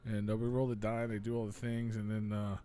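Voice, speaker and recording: A man's voice: lowish voice, little pitch movement, a little fast, a little hiss or hum. Rambling, cursing man telling a story. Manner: rambling storytelling, swearing, acts out quoted voices loudly. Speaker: radio show host. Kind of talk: casual chat.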